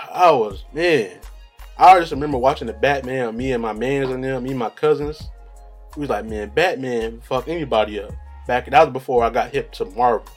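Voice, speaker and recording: A man's voice: medium pitch, normal speed, slightly rough, faint music behind. A young man, rambling in casual slang-heavy chat as a solo vlogger, laughing at his own stories.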